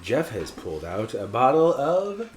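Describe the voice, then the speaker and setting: Casual podcast host, man, low and lively, self-mocking, roomy sound. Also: unhurried. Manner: rambling, laughing, self-mocking. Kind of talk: casual chat over beers. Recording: echoey room with faint noise.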